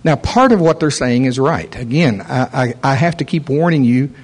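A man's voice: medium pitch, moderate pace, breathy edge, low-quality recording. A man preaching a sermon, telling a story and acting out the voices in it. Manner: animated storyteller, acts out voices.

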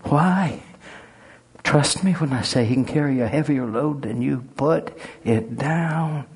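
A man's voice: medium pitch, takes it slowly, gravelly, a little mellow, husky. A middle-aged man preaching a sermon and leading a spoken prayer, folksy and conversational, rising into fervent emphasis.

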